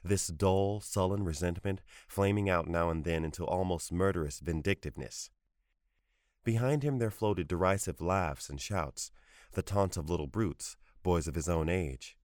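A man narrates a short story in a very low, measured voice. The recording is dry and close with no room around it. His reading is even and unhurried. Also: no echo.

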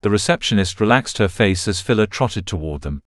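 A man reading a novel aloud as a narrator, in a steady, even way. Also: fairly low pitch, a little fast, no room sound, clean studio sound. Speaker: audiobook narrator. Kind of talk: scripted narration.

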